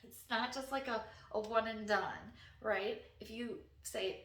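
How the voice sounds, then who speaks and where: A woman's voice: fairly high pitch, measured pace, creaky, hardly any pauses, fairly bright tone, echoey room, recorded from a distance. A woman wellness coach, talking unscripted and earnestly to camera, encouraging and sometimes emotional. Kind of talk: unscripted heartfelt talk to camera.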